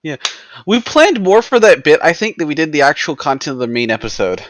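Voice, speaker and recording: Brief: lively man host, casual group chat, dry close sound. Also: fairly high pitch, a little fast, dry recording. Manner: animated, many "like" and "you know" fillers. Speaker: stream host.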